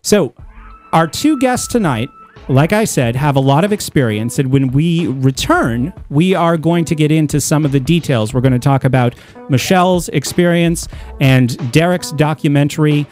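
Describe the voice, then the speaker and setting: A man's voice: a little high, moderate pace, soft background music. A man hosting a radio talk show, reading definitions aloud and adding his own asides. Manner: animated, reads quotes aloud with asides. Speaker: host.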